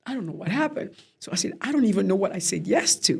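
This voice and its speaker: Husky woman telling a lively story. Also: mid-range voice, quick pace. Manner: animated, acts out quoted voices. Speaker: interview guest. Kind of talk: storytelling in casual conversation.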